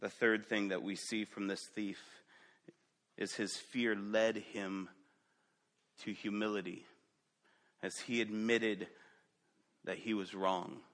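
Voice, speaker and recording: A man delivers a sermon at a slow, deliberate pace, his voice bright and forceful. He keeps putting direct questions to the congregation, and his level swings between loud, emphatic passages and hushed, low ones. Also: flat delivery. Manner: dynamic preaching, rising loud then dropping to quiet; asks the listeners direct questions. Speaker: pastor.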